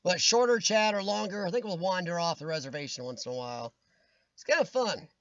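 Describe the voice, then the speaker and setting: High-voiced, ranting man. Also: lively intonation, brisk, fairly bright tone, dry recording, dull audio. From United States. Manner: opinionated ranting, answers chat comments by name. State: starting to lose his voice. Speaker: livestream host reading chat. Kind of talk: casual live-stream chat.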